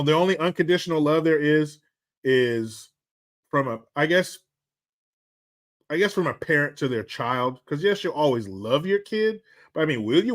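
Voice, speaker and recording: A man giving a profane, rambling commentary rant on his vlog, blunt and sarcastic, with frequent restarts. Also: on the high side. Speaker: vlogger.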